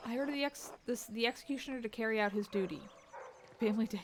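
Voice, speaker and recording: A woman with a somewhat high voice plays through a story game on stream, reading dialogue aloud. She breaks off into nervous, reactive exclamations as her choices play out. A faint background hiss sits under her voice. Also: expressive, fast talker. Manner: reactive, anxious exclamations while playing.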